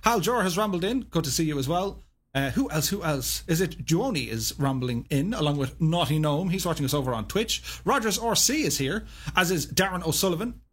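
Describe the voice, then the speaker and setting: A man's voice: fairly high pitch, animated, brisk, breathy edge. A man hosting a live stream, reading out chat greetings in an upbeat, chummy way and chuckling often.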